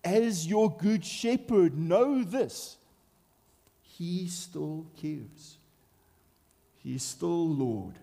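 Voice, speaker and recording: A man delivers a sermon slowly and deliberately, his voice mellow and somewhat high for a man. He preaches earnestly and with emphasis, leaning on rhetorical questions and repeated phrases.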